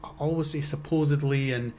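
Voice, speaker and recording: A man's voice: a little high, fairly even intonation, a little fast, darkish tone, slight background noise. A young man co-hosting a podcast, rambling in casual chat with fillers and easy swearing. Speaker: podcast co-host.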